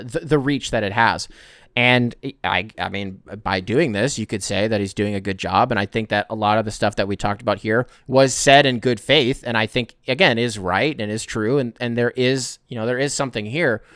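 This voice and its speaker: A man's voice: mid-range voice, fairly bright tone, smooth, no room sound, clean studio sound. A man hosting a sports podcast, ranting in a heated, rambling way, swearing and often restarting his sentences. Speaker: podcast host. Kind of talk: casual sports podcast rant.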